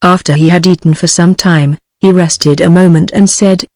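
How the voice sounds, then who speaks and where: A synthetic woman's voice with a British accent giving a text-to-speech narration of a story, in an even, flat delivery. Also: lowish voice, normal speed, no echo.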